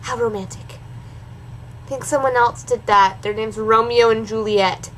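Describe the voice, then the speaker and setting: Reading a bad story aloud for comedic effect, a reaction video host keeps a steady, unhurried delivery in a fairly high voice. She switches between the text and snarky, sarcastic asides, mocking it, on a low-quality recording with slight background noise.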